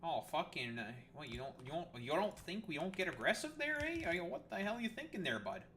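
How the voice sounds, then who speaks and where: A man putting on a loud, brash, aggressive Canadian guy. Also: a little high, big pitch swings, slight background noise, voice pushed up, full character voice. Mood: mock aggressive. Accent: exaggerated Canadian. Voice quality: loud, taunting, drawn-out vowels.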